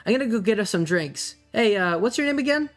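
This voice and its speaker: A game master voicing a cocky young male satyr who scoffs and talks casually, with soft music behind. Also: medium pitch, expressive, fast talker, pitched above the performer's own voice, natural voice. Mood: smug.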